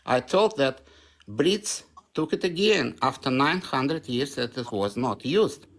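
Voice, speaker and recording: A man's voice: medium pitch, animated, slow. A man with a Russian accent arguing insistently on a live stream call, repeating his points. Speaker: debate participant. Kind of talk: heated live-stream argument.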